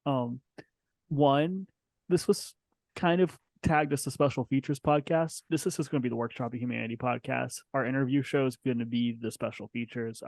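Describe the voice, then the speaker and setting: A man's voice: mid-range voice, a little mellow, no echo. A man hosting a casual podcast with a group of guests, laid-back, with frequent ums. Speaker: podcast host.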